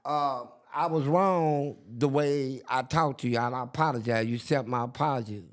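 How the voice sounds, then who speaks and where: A man's voice: medium pitch, normal speed. An older man telling a story in casual chat, acting out the people he quotes. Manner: animated, acts out quotes in different voices. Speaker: guest.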